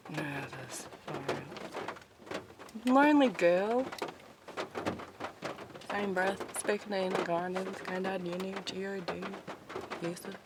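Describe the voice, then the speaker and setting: Aussie woman vlogger, lowish voice, rambles and laughs a lot, heavy background noise. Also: takes it slowly, pauses often. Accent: Australian. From Australia. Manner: meandering, laughs often, swears casually. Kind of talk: rambling casual vlog. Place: inside a parked car, back seat.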